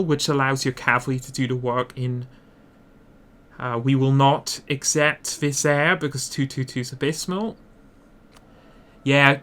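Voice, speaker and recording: A man's voice: mid-range voice, fairly bright tone. A man narrating an instructional strategy game guide, explaining his plans while thinking aloud and correcting himself as he goes. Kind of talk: instructional gameplay commentary.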